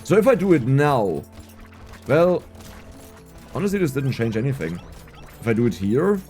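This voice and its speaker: A man giving casual gameplay commentary, excitable and laughing often, with a strained, scratchy voice. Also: mid-range voice, moderate pace, faint music behind. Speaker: gaming YouTuber.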